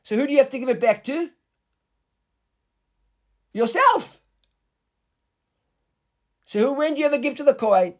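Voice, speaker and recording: High-pitched man teaching a Talmud class. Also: animated, fairly bright tone. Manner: explains, quizzes the class with quick questions; reads the Aramaic text slowly, then paraphrases in English. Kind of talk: Talmud class, casual explanation.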